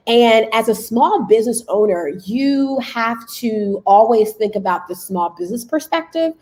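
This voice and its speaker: A young woman hosting a casual livestream training from a school classroom, chatty and excitable, with many fillers and repeats. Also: mid-range voice, rough recording. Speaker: channel host and business coach.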